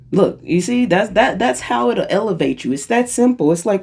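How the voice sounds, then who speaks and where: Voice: expressive, a little fast, creaky, few pauses, mellow. Spiritual channeler for a loose freestyle talk: rambling, self-correcting, joking at their own expense, mid-range voice. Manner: playful and self-mocking, jumps into high-pitched voices for quotes; rambling, restarts and corrects itself.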